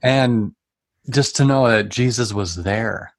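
A man sharing a personal faith testimony in conversation, earnest and emotional, often halting and restarting as he speaks. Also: mid-range voice, no room sound, clean studio sound.

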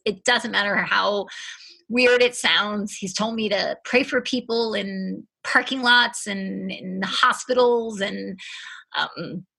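A woman's voice: medium pitch, creaky, pushed and bright, breathy edge. A woman giving an emotional faith testimony as a guest, earnest and fervent, repeating her phrases for emphasis.

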